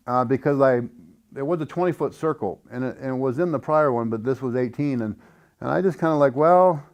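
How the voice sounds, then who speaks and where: Earnest, halting man explaining a build. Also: mid-range voice, dull audio. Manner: earnest, hesitant, many fillers and restarts; softly chants syllables. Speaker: instructor demonstrating a build. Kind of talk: casual how-to explanation.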